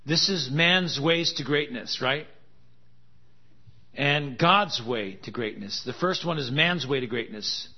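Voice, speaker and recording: Slow-preaching man, muffled recording. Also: medium pitch. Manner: joking, laughing asides, rising to emphatic contrasts. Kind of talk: sermon. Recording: dull lo-fi sound.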